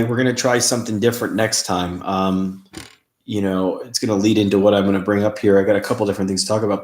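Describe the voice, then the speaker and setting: A man hosting a casual livestream, rambling and laughing as he reads viewer comments. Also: lowish voice. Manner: rambling, laughs often, many fillers. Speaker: paranormal show host. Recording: roomy echo.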